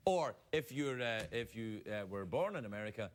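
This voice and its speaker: A man hosting a late-night talk show, reading viewer emails aloud and riffing on them with animated, mock-indignant comedy. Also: medium pitch, a little fast. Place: TV studio with live audience. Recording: loud studio audience, live-broadcast noise.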